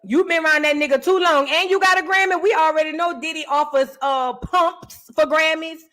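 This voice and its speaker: Sassy woman host with a high voice and a blunt, crude, mocking delivery for casual reaction commentary. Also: a little fast, a bit bright.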